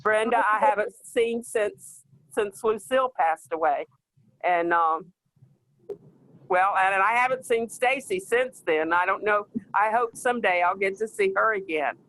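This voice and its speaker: A person speaking in a reflective, halting way on a family video call. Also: medium pitch, fairly bright tone, rough recording.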